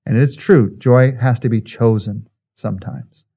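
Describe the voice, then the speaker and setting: Guy preaching a sermon, mellow warm tone, earnest, keeps repeating lines for effect. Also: mid-range voice, unhurried, breathy edge. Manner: earnest preaching with rhetorical repetition. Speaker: pastor.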